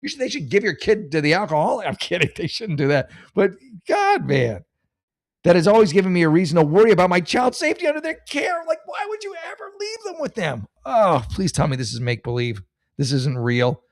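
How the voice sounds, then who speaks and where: A man's voice: a little high, big pitch swings, brisk, no room sound, studio quality. A man hosting an advice show, reading a listener's story and ranting about it with profane, sarcastic exasperation.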